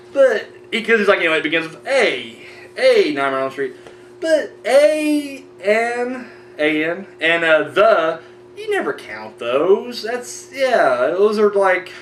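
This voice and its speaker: Lively, rambling man hosting a horror show. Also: sits high. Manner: rambling, profane, frequent restarts. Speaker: horror review show host. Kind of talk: casual ranting chat. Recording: roomy distant mic with faint hum.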